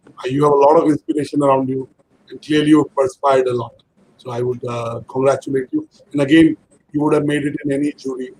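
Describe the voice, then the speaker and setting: A man's voice: on the high side, a little mellow, slight background noise, poor audio. Rambling man praising a winner. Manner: rambling, anecdotal, repeats himself. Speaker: jury member at an awards ceremony. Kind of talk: congratulatory speech on a video call.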